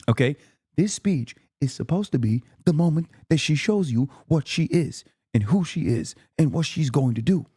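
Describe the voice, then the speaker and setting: A man in his thirties vents at his stream chat, exasperated and full of profanity. His tone is dark and mellow, held back so he does not wake a neighbor. The sound is dry and close, with no room around it. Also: a little high, animated, moderate pace, husky, dry recording. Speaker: streamer reacting to a speech. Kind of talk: heated live-stream commentary.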